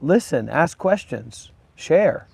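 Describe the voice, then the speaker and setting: A man's voice: on the high side, sing-song, slow pace, gravelly, husky, no room sound. A man hosting a livestream, talking bluntly and combatively straight at his viewers. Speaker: livestream host and former monk. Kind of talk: unscripted livestream talk.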